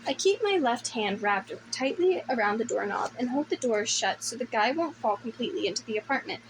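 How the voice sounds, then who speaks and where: A woman reads a first-person novel in a wry, conversational voice that sits fairly high. A steady background noise runs under the recording. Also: brisk. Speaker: audiobook narrator.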